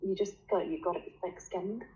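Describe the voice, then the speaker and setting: A woman's voice: lowish voice, fairly even intonation, a little fast, warm tone. A woman with a Scottish accent, a guest in a casual interview, talking bluntly and swearing freely. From Scotland. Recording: dull lo-fi sound with faint noise.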